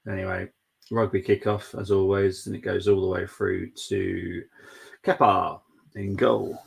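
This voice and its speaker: A young man with a low, gravelly, husky voice, chatting loosely through a live football watchalong. He reads out viewer messages and laughs often as he goes. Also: level tone, a little slow. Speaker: watchalong stream host.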